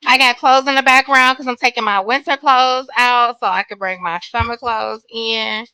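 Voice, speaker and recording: A woman hosting a casual live stream from her bedroom, greeting chat viewers by name in drawn-out hellos, sniffling now and then. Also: on the high side, steady tone, pushed and bright, clean tone, no echo, rough recording. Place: home bedroom.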